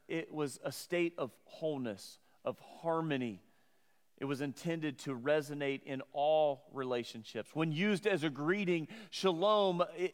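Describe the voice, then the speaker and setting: A man's voice: a little high, in a large hall. A middle-aged man preaching a sermon, earnest and conversational, often restarting his words. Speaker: pastor.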